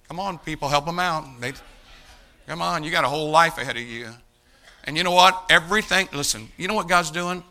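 Bright-voiced preaching man. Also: a little high, fairly quick. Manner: emphatic, calls out to the congregation. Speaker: pastor. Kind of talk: sermon.

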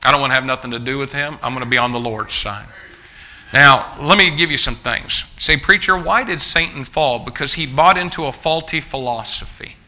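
A man's voice: medium pitch, fairly quick, sharp tone. A man preaching a sermon to a live congregation in a church. He speaks emphatically, often restarts his phrases and keeps calling out to the listeners as folks. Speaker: pastor.

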